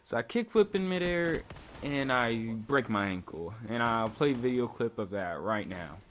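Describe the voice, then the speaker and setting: A man's voice: mid-range voice, animated, moderate pace. Laid-back young man telling a story. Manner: laid-back, swears freely, lots of "like". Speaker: vlogger. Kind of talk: casual storytelling. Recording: faint background noise.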